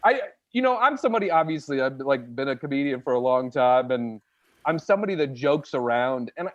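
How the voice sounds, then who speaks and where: A man's voice: medium pitch, lo-fi sound. A man, a stand-up comedian, telling a funny personal story in casual, jokey chat. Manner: animated, jokey, acts out voices of others.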